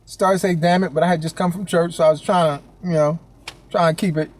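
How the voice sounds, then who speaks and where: A man giving a motivational talk, telling stories loudly with slang, laughing often and acting out other people's lines. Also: on the high side, steady tone, fast, slight background noise. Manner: loud, laughing, street slang, acts out quotes. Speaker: motivational speaker. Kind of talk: animated motivational storytelling.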